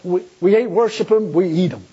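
A man's voice: high-pitched, fairly quick, warm tone, slightly rough, dull audio. A male preacher giving a folksy sermon, talking colloquially and acting out the pleas he quotes. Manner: colloquial, laughs at own jokes, acts out quoted pleas.

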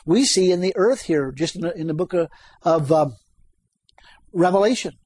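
Male preacher, high and husky, emphatic, asks the congregation questions, dry close sound. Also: moderate pace, a little mellow, no room sound. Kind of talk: sermon.

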